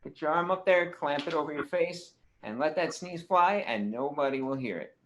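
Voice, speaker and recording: A man's voice: fairly high pitch, moderate pace, fairly bright tone, slight background noise, natural voice. A man playing a relentlessly cheerful golf caddy who gives folksy advice. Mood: chipper. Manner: upbeat, folksy golf talk. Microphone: video call.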